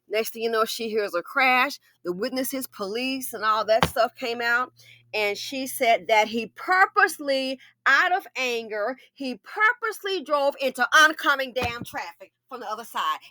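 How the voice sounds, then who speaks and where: A woman giving casual commentary on a news story, animated and talking straight to her viewers. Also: high voice. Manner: animated, addresses viewers directly.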